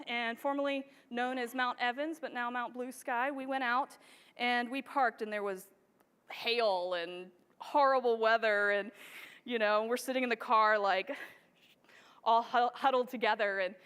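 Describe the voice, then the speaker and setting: High, bubbly woman on a stage. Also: normal speed, clean tone. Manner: bubbly, excitable, laughs often. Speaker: photographer giving a stage presentation. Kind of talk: enthusiastic conference talk. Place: large event stage before a live audience. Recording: long hall reverb.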